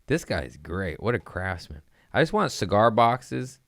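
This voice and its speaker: Man comedian, deep smooth voice, rambling profane storyteller, dry close sound. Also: very animated, measured pace, a bit bright, no room sound. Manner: profane, rambling, laid-back. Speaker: stand-up comedian hosting his own show. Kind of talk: casual storytelling chat.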